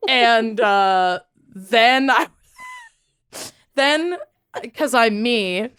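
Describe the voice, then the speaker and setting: A woman's voice: a little high, lively intonation, drawn-out words, fairly bright tone, clean tone. A woman co-hosting a podcast in casual chat, rambling and laughing often at herself. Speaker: podcast co-host.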